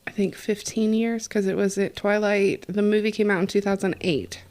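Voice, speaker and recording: A woman's voice: mid-range voice, fairly even intonation, moderate pace, a little mellow. A woman co-hosting a casual podcast from a home kitchen, talking through details in a conversational way. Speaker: podcast co-host. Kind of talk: casual chat.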